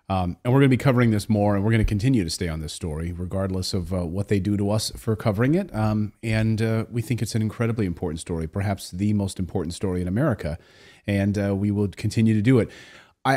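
A man's voice: fairly low pitch, dark tone. Indignant male talk show host. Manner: indignant, then grave and earnest.

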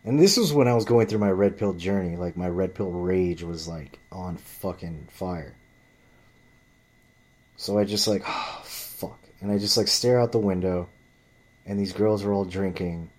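A man's voice: deep voice, moderate pace, a little mellow. A man telling a story in a ranting vlog monologue, blunt and profane, often rambling and restarting his sentences. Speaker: vlogger.

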